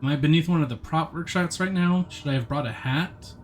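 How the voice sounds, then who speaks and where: A man's voice: fairly high pitch, brisk. A man streaming a game live, chatting with viewers and reading the game's text aloud. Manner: chatty, answers chat, reads narration aloud in a plain voice.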